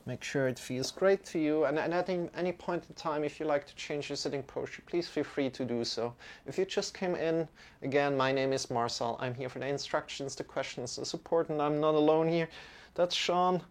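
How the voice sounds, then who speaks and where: A man's voice: fairly high pitch, brisk. A man teaching a live-streamed mantra lesson, talking in a casual, chatty way with many fillers.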